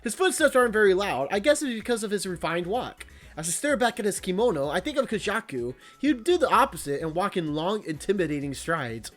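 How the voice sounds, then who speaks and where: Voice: mid-range voice, very animated, a little fast, fairly bright tone, soft background music. A VTuber reading a visual novel aloud, breaking off for joking, crude, teasing asides and frequent laughs.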